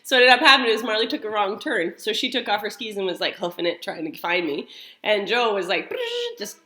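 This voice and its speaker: A mother in her thirties or forties tells a family story, then leads a church prayer, rambling chattily with lots of fillers and restarts. Her medium-pitched voice is brisk, bright, and forceful.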